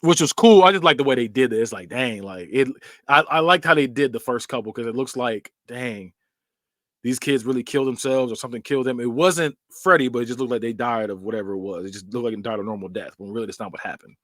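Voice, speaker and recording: A man's voice: medium pitch, no echo, clean studio sound. A man hosting a podcast, casually recapping horror movie scenes and acting out bits with sound effects. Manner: animated storytelling, acts out scenes with quick sound effects and laughs. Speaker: podcast host.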